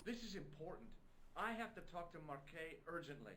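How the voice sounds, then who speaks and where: An actor playing a curious, wry young adventurer in a video game. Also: male voice, fairly high pitch, big pitch swings, fairly quick, a bit bright, slight background noise.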